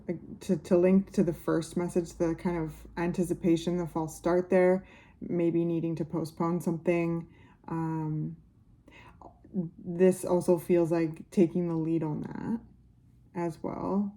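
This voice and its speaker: Woman, tarot reader, casual reading to camera, musing, many fillers, dark mellow voice, slow. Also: on the low side, flat delivery. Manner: unhurried and musing, many fillers, speaks warmly to viewers.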